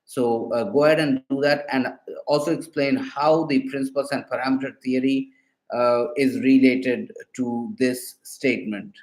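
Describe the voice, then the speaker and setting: A man's voice: medium pitch, steady tone, moderate pace, a little mellow, roomy sound, low-quality recording. A man quizzing a voice assistant on linguistics, hesitant, with many fillers and restarts. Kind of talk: spoken questions to a voice assistant.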